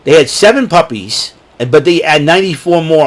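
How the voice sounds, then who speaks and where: A man's voice: fairly high pitch, expressive, moderate pace. A man hosting his own show, chatting casually and rambling through a ranking of his favorite films with many fillers and restarts. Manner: rambling, many fillers and restarts, breaks into quoted movie lines. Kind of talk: casual solo commentary.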